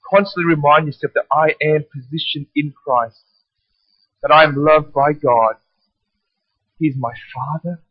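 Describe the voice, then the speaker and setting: Fiery high-voiced male pastor. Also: breathy edge, no echo, dull audio. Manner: passionate, rising to shouts, with animated storytelling. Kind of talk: sermon.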